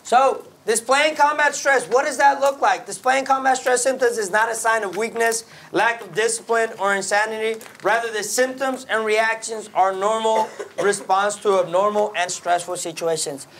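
Man, military instructor, classroom lecture, commanding, high-pitched. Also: fairly bright tone, a little hiss or hum. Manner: brisk, commanding, keeps asking the class "right?".

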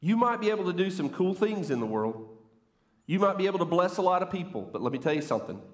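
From a church stage, with the room's echo around him, a man preaches a sermon in a high voice with big pitch swings and a quick pace. He is playful and conversational, teasing the congregation.

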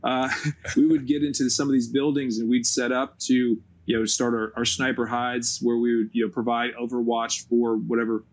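A man with a husky, slightly rough voice tells rowdy stories from his days as a Navy SEAL. He talks casually and swears freely, and laughter keeps breaking into his telling. His pitch sits in the ordinary middle range for a man. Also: flat delivery, normal speed. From United States. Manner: profane, laughing storyteller. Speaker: guest, former Navy SEAL. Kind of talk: casual storytelling.

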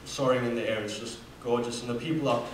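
His medium-pitched voice holds a steady tone as he talks fast through a personal story. He's a young Namibian man in his 20s, an earnest student speaker prone to fillers and restarts, captured from a distance in a very reverberant hall with faint room hum.

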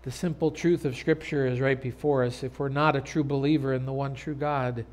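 A man pastor preaching an earnest sermon in a church, turning loud and dramatic when telling a story. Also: mid-range voice, fairly even intonation, brisk. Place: church sanctuary.

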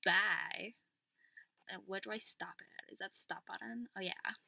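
A woman's voice: mid-range voice, steady tone, a little slow, gravelly, bright, forceful tone, no room sound, full character voice, poor audio. A woman playing a chatty teenage schoolgirl in an amateur character vlog, gushing along with a constant "like" and "totally". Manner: gushing valley-girl chatter, packed with "like" and "totally". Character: chatty teenage schoolgirl, human doppelganger among witches. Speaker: character vlogger.

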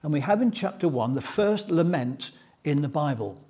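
Husky man teaching a Bible study. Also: fairly high pitch, expressive, normal speed, dark tone. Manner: storytelling, reading scripture aloud.

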